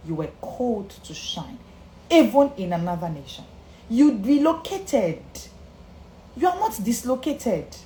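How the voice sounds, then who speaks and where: A woman coach speaks straight to her live viewers in an emphatic motivational talk, with pitch that rises and falls a lot. She repeats key lines for emphasis and greets viewers by name. The room sounds echoey, with a faint hum behind her. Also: darkish tone. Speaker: confidence coach.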